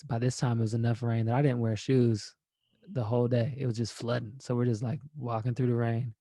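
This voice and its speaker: With a warm, mid-pitched voice captured in a clean, echo-free studio, a man guests on a podcast. Once a college basketball player, he casually spins long, wandering stories laced with profanity.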